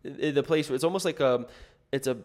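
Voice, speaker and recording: A man's voice: mid-range voice, fast talker, a little mellow. Man telling a rambling personal story. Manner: rambling, filler-heavy, self-correcting.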